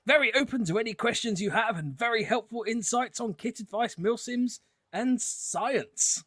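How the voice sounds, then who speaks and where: A man voicing a posh upper-class English gentleman, reading out a listener's review in an exaggerated plummy accent. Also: moderate pace, dry recording. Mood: plummy praise. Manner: plummy, exaggerated and raised in pitch.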